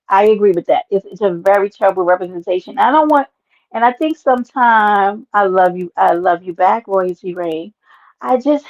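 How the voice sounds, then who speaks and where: A woman hosts a livestream, chatting loudly with viewers and calling them out by name. Her talk is brash and animated, with plenty of swearing. The stream audio sounds dull and lo-fi. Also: medium pitch. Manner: loud, animated, talks to chat by name, swears. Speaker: livestream host. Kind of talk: casual livestream chat reading comments.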